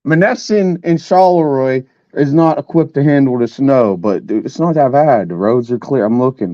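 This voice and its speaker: A man's voice: fairly low pitch, mellow, lo-fi sound. A man, angrily ranting on a live stream as a sports fan and swearing often. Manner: angry, profane ranting.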